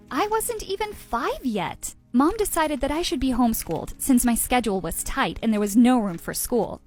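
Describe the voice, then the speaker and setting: A woman's voice: on the high side, big pitch swings, moderate pace, few pauses. Woman narrating a storytime tale. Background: background music.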